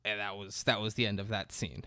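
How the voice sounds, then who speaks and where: A man co-hosting a casual movie podcast, retelling scenes with lively acted-out voices. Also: on the low side, no echo. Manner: animated storyteller, acts out movie scenes in quick voices. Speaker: podcast co-host. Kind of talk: casual movie recap chat.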